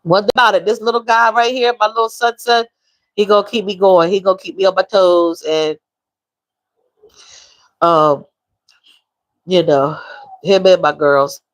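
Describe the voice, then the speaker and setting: A woman's voice: medium pitch, fairly even intonation, unhurried, pauses often, no echo, rough recording. A woman, talking openly and emotionally while reading out viewer comments. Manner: emotional, reads viewer comments aloud, drawls. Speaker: livestream host. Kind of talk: casual live-stream chat.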